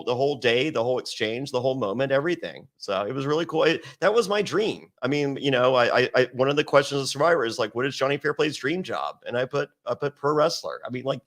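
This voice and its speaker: Animated, foul-mouthed storytelling man. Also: medium pitch. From Virginia, US. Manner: animated, acts out quotes in raised voice, heavy swearing. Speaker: interview guest. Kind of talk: casual storytelling with profanity.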